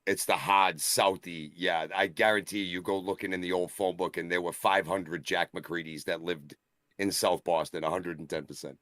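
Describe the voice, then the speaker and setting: Co-host type, man with a deep voice, jokey and quick to laugh, dry mic. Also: level tone, fairly bright tone, no echo. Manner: joking, laughs often, slips into put-on Boston voices. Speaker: wrestling show co-host. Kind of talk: casual live-stream banter.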